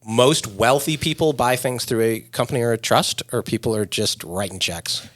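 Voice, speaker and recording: A middle-aged man from New York, hosting a podcast in casual chat and telling stories with quick impressions. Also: mid-range voice. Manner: animated storyteller, does quick impressions. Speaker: podcast host.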